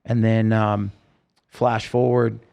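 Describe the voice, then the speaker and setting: A man's voice: fairly low pitch, level tone, slow, gravelly, warm tone, clean tone. A man, a singer-songwriter, telling his own story in a podcast interview, earnest and rambling with many restarts.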